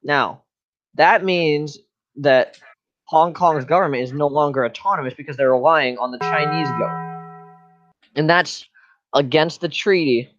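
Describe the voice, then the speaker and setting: A man's voice: on the high side, measured pace, long pauses, muffled recording, music in the background. A man giving a joking class presentation in a slangy, rambling, mock-serious way. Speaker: student presenter.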